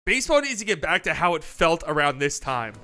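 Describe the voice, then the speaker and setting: A man hosting a casual sports show, ranting in an animated, exasperated way. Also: a little high, fairly quick, faint music behind. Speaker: podcast host.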